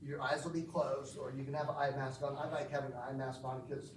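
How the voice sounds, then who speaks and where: A man's voice: mid-range voice, fairly even intonation, brisk, few pauses, recorded from a distance, noisy background. Man teaching breathwork in an echoey room. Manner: explanatory, asks the group questions. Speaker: breathwork instructor. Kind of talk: instructing a group. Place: gym or team room.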